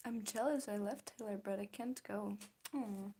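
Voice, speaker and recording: A young woman with a warm, medium-pitched voice and a moderate pace chats casually with viewers while drawing on a stream. She giggles often and answers their comments. There's a little hiss or hum in the recording.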